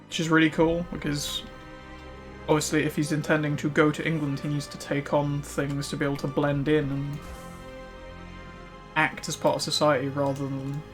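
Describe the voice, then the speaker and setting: A man's voice: fairly high pitch, monotone, normal speed. A male streamer chatting casually while he plays, rambling with lots of fillers. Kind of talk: casual chat while gaming. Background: faint music.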